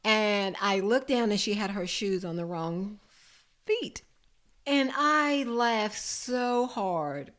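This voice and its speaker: A woman caregiver tells a personal story to a listening audience. Her voice sits mid-range, and she delivers it expressively, with lively swings as the tale builds. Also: medium pitch, takes it slowly. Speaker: home caregiver.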